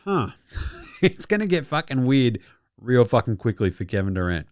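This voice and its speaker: Speaking at normal speed with big swings in his medium pitch, a young Australian man hosts a casual basketball show, freely swearing, mocking, and chuckling often. The studio sound is clean with no echo.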